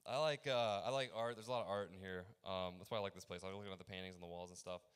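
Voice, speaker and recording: A young man performing a rambling open mic stand-up set, halting often with fillers and restarts. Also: low voice, fairly even intonation, smooth.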